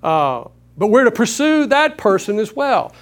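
A man's voice: high voice, very animated, a little slow. A man leading a Bible study, teaching emphatically with rhetorical questions.

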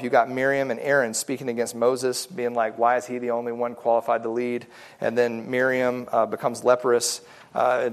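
A man leading a casual Bible study, explaining in a conversational way with frequent fillers and restarts, and reading scripture passages aloud. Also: medium pitch.

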